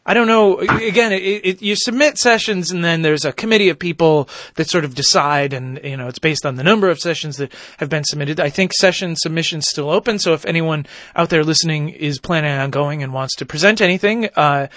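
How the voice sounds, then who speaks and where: A man hosts a casual podcast in a slightly high voice, rambling with many fillers and restarts. He sits close to the mic, and the sound is dry with no room around it. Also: brisk, few pauses, fairly bright tone, no echo. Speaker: podcast host.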